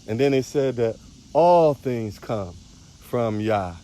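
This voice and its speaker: A man's voice: mid-range voice, animated, takes it slowly, mellow. A man, a spiritual teacher, preaching on a livestream outdoors, repeating phrases with a sing-song emphasis.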